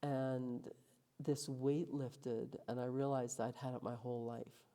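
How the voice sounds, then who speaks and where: A middle-aged woman sits for an interview and tells her life story in a low voice. Her tone is mellow and warm, and she slips into acted quotes as the memories carry her along. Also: flat delivery, takes it slowly. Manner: emotional, vivid retelling with acted quotes. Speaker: guest.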